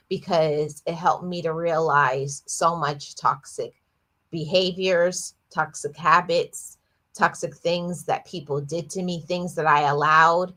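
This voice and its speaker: Woman streamer, earnest reflective talk, slow unhurried delivery, bright forceful tone, lowish voice. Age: adult, lost her father at eighteen years ago. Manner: earnest, repeats words and restarts, speaks of herself openly. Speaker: livestream host. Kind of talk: reflective personal talk on a livestream.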